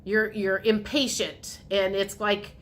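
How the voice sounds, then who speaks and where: A woman's voice: medium pitch, level tone, slow, fairly bright tone, a little hiss or hum. A woman giving a casual tarot reading to her viewers, chatty and repetitive, sometimes acting out what the listener might say. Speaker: tarot reader.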